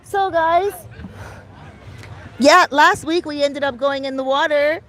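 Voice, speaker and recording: Taking her time in a high, slightly bright voice, a middle-aged Canadian vlogger with a Canadian accent livestreams casually from a beach and reads out viewers' comments. Some chatter can be heard behind her, along with faint outdoor street noise.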